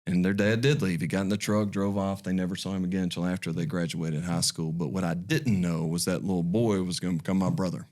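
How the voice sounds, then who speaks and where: Earnest low-voiced man telling a story. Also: steady tone, fast, few pauses, darkish tone. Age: 40s. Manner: earnest, folksy, restarts phrases often. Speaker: podcast guest. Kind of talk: heartfelt personal storytelling.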